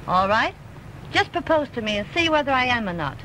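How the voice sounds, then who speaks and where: A woman's voice: on the high side, big pitch swings, brisk, pushed and bright, low-quality recording. An actress playing a spoiled, persistent rich young woman in a 1930s film, coaxing and pleading. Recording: old film soundtrack with faint hiss.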